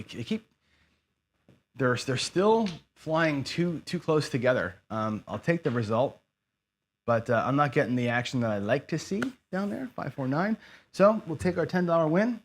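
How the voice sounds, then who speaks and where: A man's voice: fairly high pitch, lively intonation, moderate pace. Chatty man streaming a dice game. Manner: chatty, talks to himself and chat viewers. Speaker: craps streamer. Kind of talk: casual live-stream commentary while playing.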